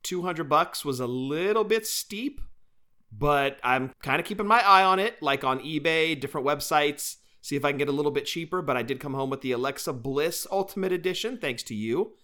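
A man's voice: on the high side, brisk. A young man co-hosting a casual podcast, chatty and playful as he tells stories. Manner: chatty, playful, animated storyteller. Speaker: podcast co-host. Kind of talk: casual chat.

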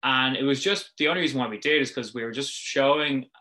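A young Irish man who founded a business talks quickly in a mid-range voice with a bright, forceful tone. He's a guest on the show, chatting and telling stories in a loose, rambling way packed with fillers.

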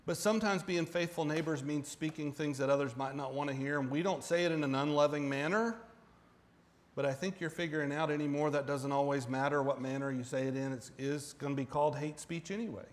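A man's voice: fairly high pitch, brisk. A man preaching a sermon as pastor, conversational, asking the congregation direct questions and building to emphatic peaks. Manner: emphatic, rising to near-shouting at peaks.

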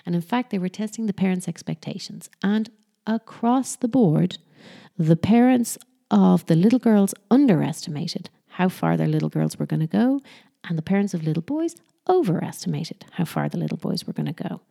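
Speaking at normal speed in a fairly low, creaky, warm voice, an animated woman chats casually about raising kids. Self-correcting mid-sentence, she slips into playful sing-song voices when quoting.

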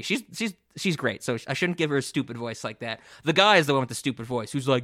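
A man co-hosting a casual podcast who retells a story in a rambling, animated way, with frequent cursing and many restarts. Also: mid-range voice, fast, hardly any pauses. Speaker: podcast co-host.

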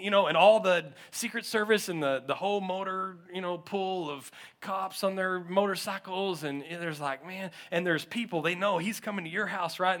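A male pastor preaching a sermon, telling stories with lively acted-out quotes and frequent laughter. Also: high voice. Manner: animated storytelling, acts out quotes, often laughs.

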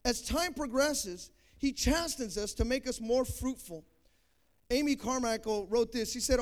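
Man preaching, very high voice, young adult, emphatic loud peaks, quiet asides. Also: a little slow. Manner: preaching, rising to loud emphatic peaks then dropping soft. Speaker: pastor. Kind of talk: sermon.

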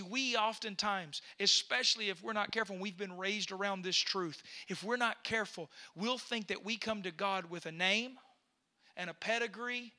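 Fervent, very bright-voiced male preacher. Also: high-pitched. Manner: fervent, building to shouts, repeats himself. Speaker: pastor. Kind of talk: impassioned preaching.

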